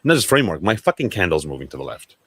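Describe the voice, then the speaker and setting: A man's voice: low-pitched, racing, slightly rough, no room sound. A man hosting a casual livestream, rambling and swearing as he talks to viewers. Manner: rambling, profane, excitable. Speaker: livestream host.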